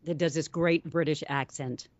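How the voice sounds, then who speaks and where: A woman's voice: low-pitched, fairly even intonation, moderate pace, dry recording. A woman co-hosting a casual podcast, giggly and self-deprecating. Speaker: podcast co-host. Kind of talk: casual chat. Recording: dry dull lo-fi audio.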